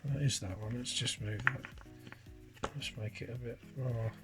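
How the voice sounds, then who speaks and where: A chatty man talks through a pile of coins one by one, explaining small details as he goes. His pitch sits in an ordinary middle range for a man, and his delivery is relaxed and conversational, like a hobby host at his desk. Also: moderate pace, music in the background. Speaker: coin collecting channel host. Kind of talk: casual coin-sorting commentary.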